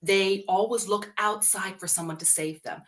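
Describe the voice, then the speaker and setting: With a mid-range voice and moderate pace, a podcast co-host who works with young schoolchildren talks loosely about parenting. She's animated, frequently performing the lines of children and parents.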